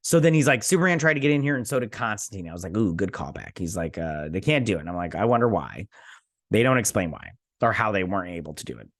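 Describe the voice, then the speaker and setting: A man's voice: fairly low pitch, very animated, fast, fairly bright tone, dry recording, studio quality. Casual rambling man recapping a show. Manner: rambling, retells scenes with quoted lines; frequent fillers and restarts. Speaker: host of a TV review channel.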